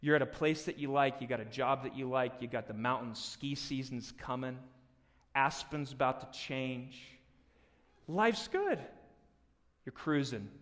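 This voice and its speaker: A man preaching a live sermon as pastor, joking and animated, swinging from loud emphasis to hushed near-whispers. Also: mid-range voice. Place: church hall. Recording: long hall reverb.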